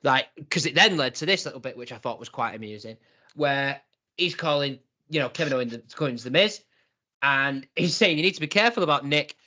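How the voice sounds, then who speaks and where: A young man co-hosting a casual wrestling review, animated and often laughing as he retells scenes. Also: medium pitch, moderate pace. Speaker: wrestling podcast co-host.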